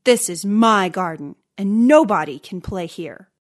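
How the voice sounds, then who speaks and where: A woman voicing a selfish male giant in a storybook, in a plain, loud reading voice. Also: medium pitch, unhurried, natural voice. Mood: angry. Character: selfish male giant, gruff then lonely.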